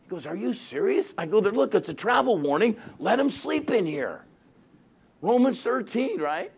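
A man's voice: sits high, very animated, moderate pace, vocal fry, breathy edge. A middle-aged male pastor telling a story in a sermon, acting out both sides of the conversations and laughing often.

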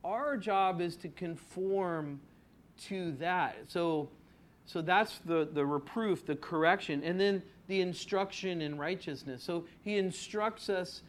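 A man's voice: sits high, slow pace. A man preaching an expository sermon in a conversational way, asking his congregation rhetorical questions and stretching out key words for emphasis. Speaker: pastor.

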